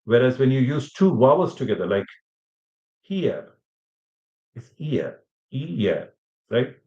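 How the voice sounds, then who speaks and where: A male language teacher lectures a class in an animated, fairly quick, mid-range voice with a dark tone. He rambles with many fillers and restarts, regularly questioning his students to check in. The room is echoey and the sound muffled.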